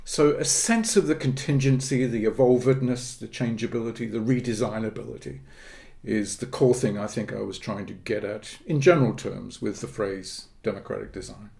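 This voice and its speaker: A middle-aged man, a politics professor, explaining ideas in a podcast interview, measured and academic, pausing with fillers and restarting phrases. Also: fairly low pitch, vocal fry, a little mellow.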